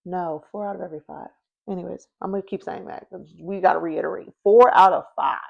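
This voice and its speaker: A woman's voice: on the low side, steady tone, fast talker, gravelly, husky, highs cut off. A woman hosting a history podcast, telling the story in a chatty, casual way, full of fillers and checking in with her listeners. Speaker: podcast host.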